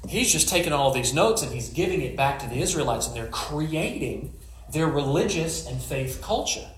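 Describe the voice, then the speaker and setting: Guy preaching a chatty sermon, cracks jokes, voice bounces up n down, sits a bit high, roomy echo. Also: lively intonation, normal speed, slight background noise. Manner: joking, storytelling asides. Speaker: pastor. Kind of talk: conversational sermon.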